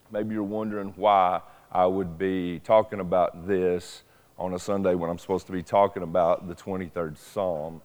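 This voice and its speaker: A man's voice: deep voice, a little mellow. A middle-aged man, preaching a sermon in an earnest, personal, conversational way. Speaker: pastor. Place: church sanctuary. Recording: long church reverb.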